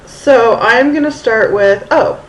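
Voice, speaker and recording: A Houston woman in her thirties rambles casually through a storytime vlog into her camera's mic, her slightly high voice unhurried. Her Valley Girl-style speech is full of ums and restarts, and the recording sounds roomy with faint ambience.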